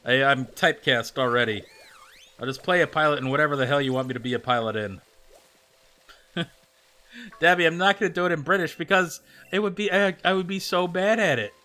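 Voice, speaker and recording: A man's voice: on the high side, fairly quick, long pauses, sharp tone. A man streaming and chatting casually with viewers, rambling with plenty of fillers and answering them by name. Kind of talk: casual livestream chat.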